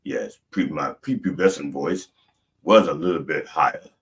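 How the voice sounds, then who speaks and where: A man preaching a comic mock sermon, rambling and deadpan, with many fillers and restarts. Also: rumbling low, normal speed.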